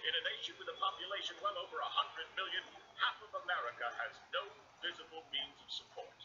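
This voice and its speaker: A man's voice: fairly high pitch, lively intonation, quick pace, background noise, natural voice. An actor playing a male 1930s newsreel announcer, declaiming in a punchy period narration style. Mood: grave. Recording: muffled playback from a distance over music.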